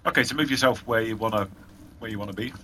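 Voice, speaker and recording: Game master, bright easygoing narration with ums, faint hiss behind. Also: male voice, on the low side, very fast. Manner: relaxed, hesitant narration with fillers.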